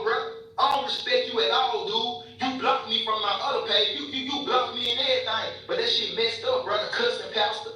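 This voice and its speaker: A young man in a heated, profane live-video rant, piling up repeats and tagging his lines with bro and man. His voice sits high and sounds very sharp and tense. He is far from the mic, in a very echoey room. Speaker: social media commenter.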